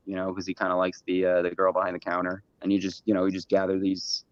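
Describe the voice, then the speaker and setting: A man's voice: deep voice, completely flat delivery, quick pace, no room sound. Rambling man on a dull, dry mic. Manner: rambling, swears freely, many restarts. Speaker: guest. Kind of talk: casual conversation on a livestream panel.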